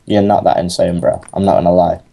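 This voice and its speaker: A man's voice: low-pitched, flat delivery, brisk, gravelly, dark tone. A young man playing a game with a friend, teasing and sarcastic in casual chat. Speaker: co-host gamer.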